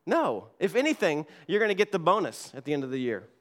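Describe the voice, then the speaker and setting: A man's voice: a little high, big pitch swings, quick pace. A man preaches a sermon from the front of a church with a slightly raised voice. His delivery is earnest, and he repeats key words for emphasis as he reads scripture aloud. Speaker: pastor. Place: church sanctuary.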